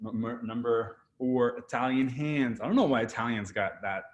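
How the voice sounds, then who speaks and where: Energetic Canadian man giving video tips. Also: medium pitch, moderate pace, highs cut off, a little hiss or hum. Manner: energetic, animated, acts out quotes. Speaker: guest photographer. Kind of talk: casual video interview.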